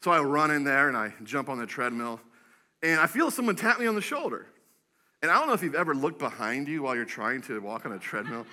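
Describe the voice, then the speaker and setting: A man preaching a sermon as pastor, telling stories with animated acted-out voices. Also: medium pitch, fast talker. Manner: animated storytelling, acts out quoted voices. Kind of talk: energetic sermon.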